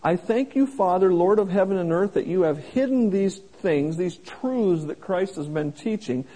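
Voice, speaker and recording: A man preaching a sermon in a folksy, plain-spoken way, slowing down to stress each scripture quote. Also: high-pitched, animated, dark tone, poor audio. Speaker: pastor.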